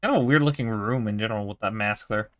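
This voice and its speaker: A man's voice: on the low side, fast, a bit bright, dry recording. A young man giving casual, swearing let's-play commentary while he plays a game. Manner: chatty, swears casually, talks to himself. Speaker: gaming video creator.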